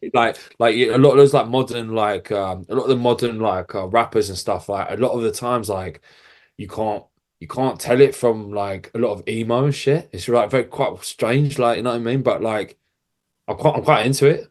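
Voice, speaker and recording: A man's voice: mid-range voice, normal speed, a little mellow. A man, a band's singer, talking casually in an interview with lots of filler words. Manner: rambling, full of filler words, laughs often. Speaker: band vocalist, guest.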